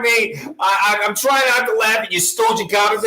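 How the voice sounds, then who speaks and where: A woman's voice: medium pitch, fairly quick, few pauses, bright, forceful tone, slight background noise. A woman with a Long Island accent, ranting in a sarcastic, taunting way straight to the camera, repeating her jabs. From Long Island, New York. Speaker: vlogger. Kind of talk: mocking direct-address rant. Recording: echoey room.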